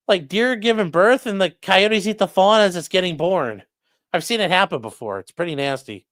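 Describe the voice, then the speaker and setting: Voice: medium pitch, animated, moderate pace, long pauses, no echo, clean studio sound. A defense attorney hosting a casual livestream, reading viewer chat aloud and answering in a blunt, profane way.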